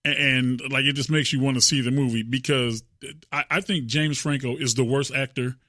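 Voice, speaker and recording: A man's voice: medium pitch, fairly even intonation, moderate pace, sharp tone, dry recording. A man hosting a casual podcast chat, often stammering and repeating words as he talks. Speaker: podcast host.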